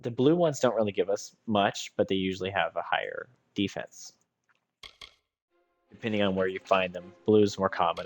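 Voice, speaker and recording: A man's voice: sits low, moderate pace, music in the background. A tired man giving casual commentary on his game as a let's play streamer, musing aloud as he weighs his choices.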